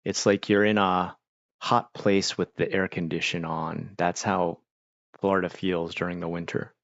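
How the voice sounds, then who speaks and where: A man's voice: sits low, flat delivery, a little slow, dry recording, dull audio. A man from Pennsylvania hosting a casual livestream, rambling and chatting while he eats. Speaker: livestream host.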